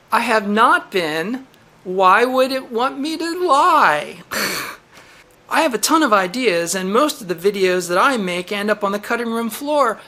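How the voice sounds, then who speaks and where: A woman on her own channel delivers an exasperated vlog rant in a middle-pitched voice. She reads quoted lines in a flat tone, then fires back with sharp, disbelieving outbursts and plenty of swearing. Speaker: channel host. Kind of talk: ranting vlog commentary.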